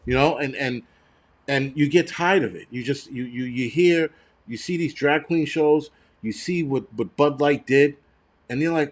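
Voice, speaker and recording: A man's voice: mid-range voice, a little slow. A man hosting a live stream, ranting angrily and bluntly, swearing constantly and stumbling over restarts and repeated words. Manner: angry, profane and blunt. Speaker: livestream host.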